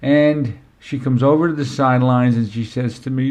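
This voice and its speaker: A middle-aged man telling a family story as a parenting speaker, conversational and unhurried, often saying "you know". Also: mid-range voice, flat delivery, darkish tone, lo-fi sound. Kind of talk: storytelling talk.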